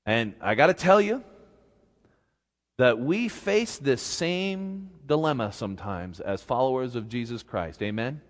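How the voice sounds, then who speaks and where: Man pastor, folksy storyteller, slow and animated, big reverberant church. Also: mid-range voice. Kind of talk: sermon. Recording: long reverb in a big hall.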